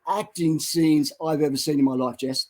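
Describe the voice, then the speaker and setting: A man's voice: fairly high pitch, fairly even intonation, moderate pace, rough recording. Fervent storytelling man preacher. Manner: dramatic retelling that builds to loud exhortation. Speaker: co-host of a Christian online show.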